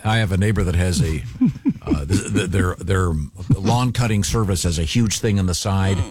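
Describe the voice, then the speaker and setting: A man's voice: deep voice, moderate pace, darkish tone, slight background noise. A man hosting a radio show, chatting casually with chuckles and stumbling restarts. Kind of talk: casual morning-show banter.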